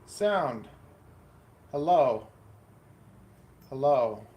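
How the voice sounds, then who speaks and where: A man's voice: mid-range voice, animated, extremely slow, dull audio. A man hosting a casual live stream, rambling and muttering to himself while he sets up equipment indoors. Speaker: livestream host.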